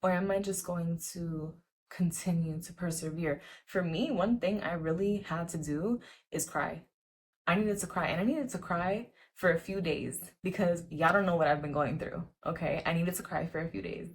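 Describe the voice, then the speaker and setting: A woman's voice: on the low side, normal speed, husky. A young woman vlogging to camera in a casual, earnest, encouraging way, full of "like" fillers and repeated words. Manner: chatty, repetitive, lots of "like" fillers. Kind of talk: casual motivational talk to camera.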